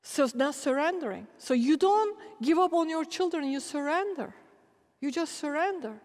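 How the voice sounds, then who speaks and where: A middle-aged woman preacher telling animated, laughing stories in a sermon. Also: sits high, moderate pace. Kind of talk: storytelling sermon. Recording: long hall reverb.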